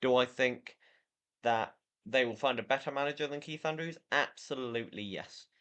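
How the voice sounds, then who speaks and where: A man's voice: mid-range voice, moderate pace, a bit bright. A tired man hosting a casual football chat podcast, rambling and opinionated, with fillers and restarts. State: tired, yawning. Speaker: podcast host.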